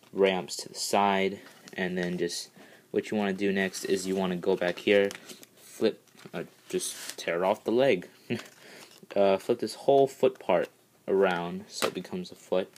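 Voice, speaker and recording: A man with a very low voice walks through transforming a custom toy in a casual, rambling way. He keeps restarting his sentences and breaks into bursts of excitement. A faint hiss sits under the recording. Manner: eager, rambling, many "all right, so" restarts.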